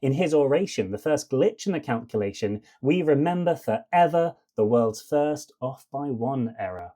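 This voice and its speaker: A male podcast host delivers rhythmic spoken-word verse, riding a steady beat and landing his rhymes with emphatic stresses. His voice has a mellow, warm tone. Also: mid-range voice, normal speed.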